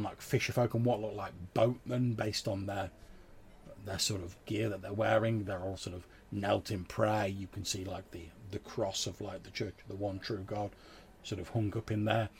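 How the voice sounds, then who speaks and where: A man's voice: on the low side, creaky, slight background noise. A man narrating a tabletop game as game master, in a loose, filler-heavy way.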